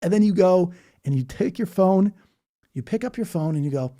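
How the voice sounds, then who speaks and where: A man's voice: high-pitched, expressive, moderate pace, warm tone. A man live-streaming and reading chat aloud, blunt and argumentative, throwing in "bro" and "dude.". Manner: blunt and argumentative, slips into mocking voices; says "bro" and "dude" a lot.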